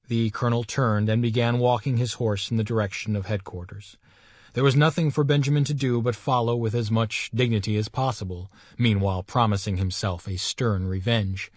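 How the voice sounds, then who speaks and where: A man reading a story aloud in measured, expressive audiobook narration. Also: fairly low pitch, no room sound, clean studio sound. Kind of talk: scripted narration.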